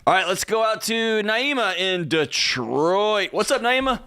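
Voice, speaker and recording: A man's voice: high-pitched, unhurried, no room sound, clean studio sound. A man co-hosting a call-in radio show, joking playfully and teasing himself. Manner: playful, animated, self-mocking. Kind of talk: lively talk radio banter.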